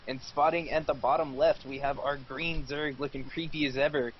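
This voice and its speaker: A man's voice: on the high side, fairly even intonation, moderate pace. A man giving live play-by-play esports commentary, chatty and full of jokes. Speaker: esports caster. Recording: dull lo-fi stream audio with faint background noise.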